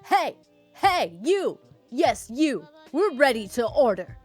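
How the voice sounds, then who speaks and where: A woman voicing a loud, rude, skinny young man who shouts his demands in a story reading. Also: sits high, very animated, takes it slowly, breathy edge, soft background music, pitched above the performer's own voice, exaggerated voice. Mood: demanding.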